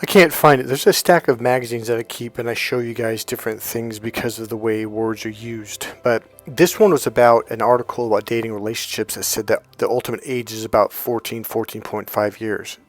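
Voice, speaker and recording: Middle-aged male dating coach, mid pitch, rambling storyteller, faint music bed. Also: a little fast, hardly any pauses. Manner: rambling, retells dialogue in quotes. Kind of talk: casual monologue.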